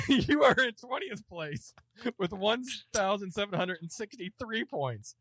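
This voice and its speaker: A man's voice: fairly high pitch, a little slow, no echo. A man co-hosting a podcast in casual chat, teasing his friends and stumbling over his words. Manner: playful teasing, stammers and restarts. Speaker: podcast co-host.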